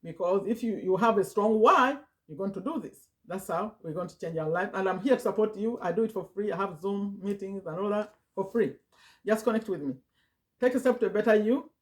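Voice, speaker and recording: A woman in her fifties speaks to her viewers from home in a motivational vlog. She repeats her points and presses them home in a coaxing way. Her voice sits in an ordinary middle pitch. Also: a little fast. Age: 50s. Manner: repetitive, emphatic, coaxing. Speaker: affiliate marketing vlogger. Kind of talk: motivational direct-to-camera talk.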